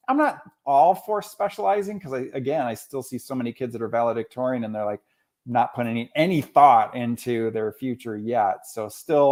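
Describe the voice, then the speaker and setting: A man in his forties, a school counselor, talking casually as a podcast guest and telling stories with quoted dialogue. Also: mid-range voice. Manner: animated storyteller, often quotes others.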